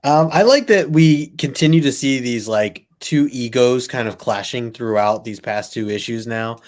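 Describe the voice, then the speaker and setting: A man's voice: mid-range voice, normal speed, a little mellow. A male co-host in a casual comic book chat, rambling with many fillers. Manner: rambling, many likes and ums, laughs easily.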